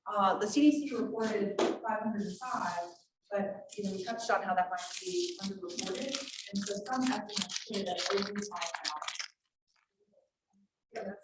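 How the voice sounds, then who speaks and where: A woman's voice: medium pitch, a little slow. A woman gives a safety presentation, chatty and often asking the room questions. She sounds set back from the microphone in a reverberant meeting room. A faint hiss runs underneath. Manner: conversational, asks the room questions. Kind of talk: presentation with audience discussion. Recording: echoey room, mic at a distance, faint noise.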